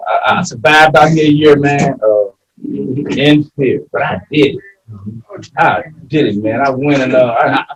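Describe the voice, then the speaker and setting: Emotional, halting man in his fifties. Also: mid-range voice, distant mic, low-quality recording. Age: 50s. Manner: rambling, halting, swings from hushed to loud and tearful. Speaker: support group member. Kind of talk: emotional personal sharing.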